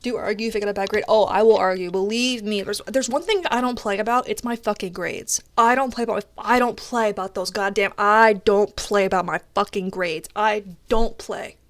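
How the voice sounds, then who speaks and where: Young woman streamer, animated rant. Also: medium pitch, moderate pace, few pauses, no room sound. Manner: animated storytelling, frequent swearing. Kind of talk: casual chat while gaming.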